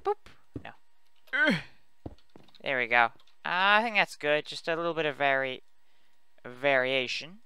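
A man with a very bright, crisp voice and a gravelly edge, chatting casually over his gameplay. He rambles and pokes fun at himself as he goes. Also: medium pitch, lively intonation, unhurried, pauses often. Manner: rambling, chatty, self-mocking. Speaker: let's play host.

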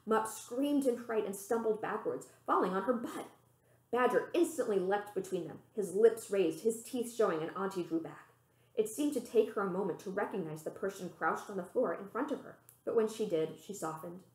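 Librarian, woman, storybook read-aloud, expressive, roomy echo. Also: normal speed. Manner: expressive, voicing the characters with pitch lifts.

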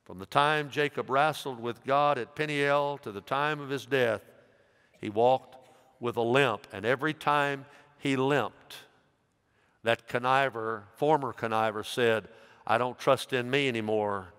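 A man's voice: medium pitch, a little slow, clean tone. Preaching older man in echoing hall. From United States. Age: 60s. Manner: emphatic preaching, dropping soft then rising loud. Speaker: pastor. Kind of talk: sermon. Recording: long reverb of a church hall.

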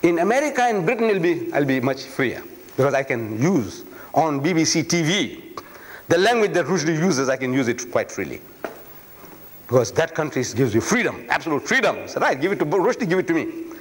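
Male lecturer, rhetorical and emphatic, lively melodic delivery, echoing hall. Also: fairly high pitch, fairly quick. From South Africa. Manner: emphatic, rhetorical, repeats phrases for effect. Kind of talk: public lecture. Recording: long reverb of a lecture hall.

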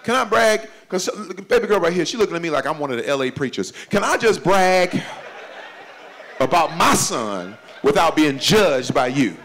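Lively, gravelly-voiced male comedian. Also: fairly high pitch, normal speed, slight background noise. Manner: animated storytelling, shouting punchlines. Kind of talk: stand-up comedy. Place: church event hall before a live audience.

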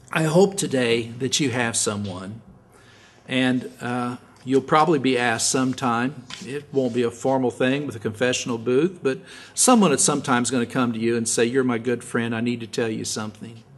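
A male pastor preaching a sermon in an earnest way, often repeating words as he restarts and sometimes dropping to a soft hush. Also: mid-range voice. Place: church sanctuary.

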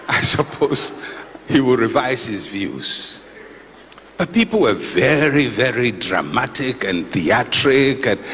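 A middle-aged pastor preaches as if talking with friends, telling stories with dry humor. His pitch swings widely and animatedly. The voice rings with the long reverb of a large hall, over a faint background hiss. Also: fairly bright tone. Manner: conversational storytelling with dry humor and chuckles. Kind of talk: sermon.

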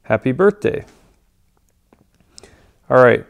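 Gravelly, smooth-voiced man explaining shortcuts. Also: medium pitch, slow pace. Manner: relaxed, with frequent ums and uhs. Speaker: tutorial presenter. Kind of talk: casual screen tutorial.

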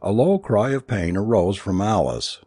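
Male storyteller for an audiobook, low husky voice, lively intonation, dry close sound. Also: dry recording. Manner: measured, expressive storytelling. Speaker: audiobook narrator. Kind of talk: scripted narration.

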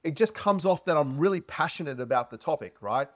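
A man's voice: a little high, fairly quick. A man coaching on sales, talking to camera with lots of inflection and energy. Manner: animated, heavy inflection, energetic. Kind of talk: casual advice talk to camera.

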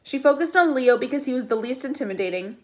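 A woman reads a novel aloud in a plain, steady narration, now and then stepping aside to comment casually. Her voice sits slightly higher than most. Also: fast talker. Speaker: reader.

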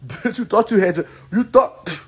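A man ranting on a live stream, loud, taunting and profane, laughing often. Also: high-pitched, moderate pace, echoey room, recorded from a distance, rough recording. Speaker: social media personality.

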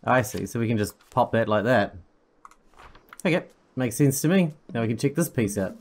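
A man's voice: medium pitch, animated, normal speed. Laid-back male let's play host. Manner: laid-back, chatty, thinking aloud. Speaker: gaming channel host.

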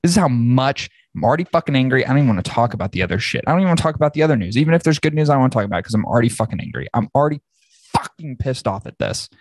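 A man's voice: mid-range voice, lively intonation, racing, a little mellow, dry recording. A man hosting a podcast, ranting angrily and swearing heavily. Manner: profane, angry ranting. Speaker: podcast host. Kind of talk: casual podcast rant.

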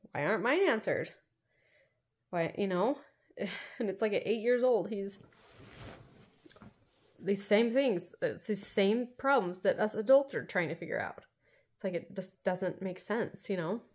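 A woman in her thirties with a medium-pitched, somewhat dark voice chats casually in a home vlog. She rambles, filling her speech with lots of fillers.

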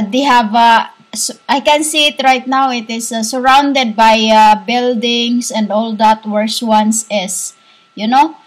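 A woman giving a rambling spiritual monologue as a self-styled teacher. She talks haltingly, with many fillers and restarts, and often breaks into soft laughter. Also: high-pitched.

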